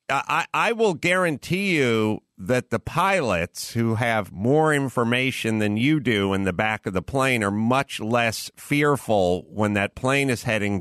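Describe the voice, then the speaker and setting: A man hosts a podcast and gives advice in a casual, blunt way. He stumbles over and repeats the first words of his sentences. His voice sits at a middle pitch and sounds close and dry, with no room echo. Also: a bit bright. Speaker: podcast host.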